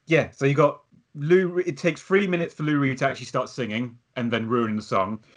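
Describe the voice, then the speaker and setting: A man co-hosting a podcast, chatting casually about an album with wry humour. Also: mid-range voice. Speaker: podcast co-host. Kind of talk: casual chat about music.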